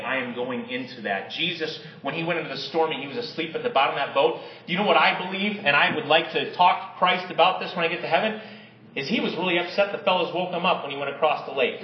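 A male pastor preaching a sermon in a church sanctuary, impassioned and shouting at times, with joking conversational asides. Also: a little high, quick pace, distant mic, a little hiss or hum. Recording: echoey, dull room sound.

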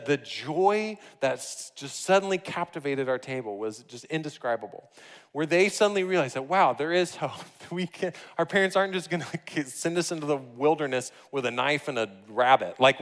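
A man in his thirties preaching a sermon, telling a family story in an animated, laughing storytelling manner. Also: fairly high pitch, moderate pace. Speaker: pastor. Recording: long hall reverb.

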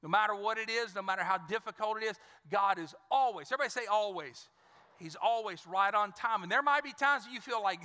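A pastor with a high, pushed, bright voice preaches a sermon to his congregation at a fairly quick clip, his intonation lively. He is emphatic, repeats words, and calls out for responses, with the church hall reverb of a sanctuary around him.

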